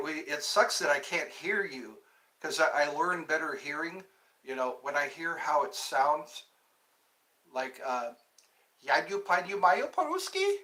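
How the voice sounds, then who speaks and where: A man's voice: on the high side, bright, forceful tone, rough recording. A man hosting a casual live stream, chatting in a rambling, self-interrupting way. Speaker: livestream host.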